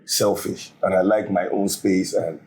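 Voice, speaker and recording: Low mellow-voiced man. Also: steady tone, a little slow. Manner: candid and joking, laughs between lines. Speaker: panel cast member. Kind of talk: casual panel chat.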